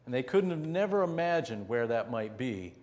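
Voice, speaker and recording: A man preaching a sermon as pastor, telling a story vividly and slowing down to stress key points. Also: medium pitch, sing-song, a little mellow, big-room sound. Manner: vivid storytelling with slow, drawn-out emphasis.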